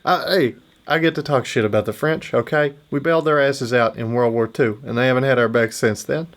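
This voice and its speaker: A man's voice: mid-range voice, steady tone, brisk. Man, young, foul-mouthed podcast co-host, rambling mock-rants. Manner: profane, rambling, mock-ranting. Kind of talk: casual podcast banter.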